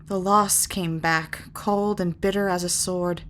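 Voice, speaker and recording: A woman narrates a fantasy novel aloud in a measured, lyrical way. Her voice sits at a mid pitch. A faint hiss of noise runs under it. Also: steady tone, fairly bright tone. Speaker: reader. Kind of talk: audiobook narration.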